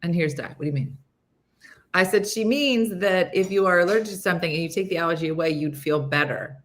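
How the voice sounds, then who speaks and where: Animated storytelling woman host. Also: lowish voice, quick pace. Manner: animated storytelling, acting out friends' voices. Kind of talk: casual morning show chat.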